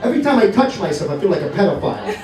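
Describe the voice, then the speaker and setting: Brash, high-voiced comedian in an echoey bar. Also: male voice, very animated, rapid-fire, far from the mic, very noisy. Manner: brash, swearing, shouts punchlines. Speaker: stand-up comedian. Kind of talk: stand-up comedy set. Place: comedy bar stage, live audience. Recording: echoey room, from afar, crowd laughter.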